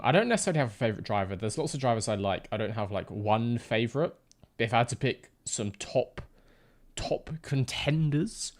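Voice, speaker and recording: On a live stream of a driving game, a man chats loosely with viewers through a close desk mic, rambling and answering chat with side remarks. His pitch is fairly low, the tone fairly bright, and the recording dry.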